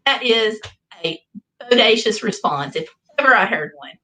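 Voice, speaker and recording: A middle-aged livestream host from the United States reads her viewers' comments and tells corny jokes, keeping the chat casual and playful. Her fairly high voice has lively intonation and a pushed, bright quality at normal speed. The low-quality recording carries slight background noise.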